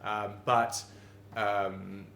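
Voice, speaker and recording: A man's voice: fairly low pitch, flat delivery, drawn-out words, vocal fry, fairly bright tone, a little hiss or hum. A Quebecois-Canadian man, a pub landlord, talking animatedly in an interview, rambling with fillers and restarts. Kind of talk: conversational interview. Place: bar of an old pub. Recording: roomy pub with background ambience.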